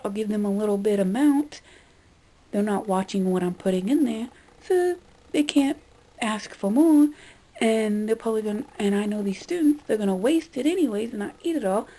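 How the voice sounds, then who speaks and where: A young woman vlogs a casual rant in a mid-range voice with lively intonation, a moderate pace, and a dark tone, on a rough recording. Exasperated and swearing, she now and then mimics customers in quoted voices.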